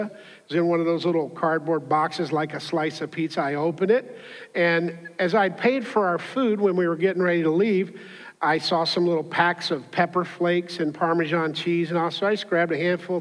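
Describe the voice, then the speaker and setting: A man's voice: fairly high pitch, fairly even intonation, moderate pace. A man preaching a sermon as a pastor, telling a personal anecdote in a conversational, humorous way and acting out the voices in it. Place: church auditorium. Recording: hall reverb.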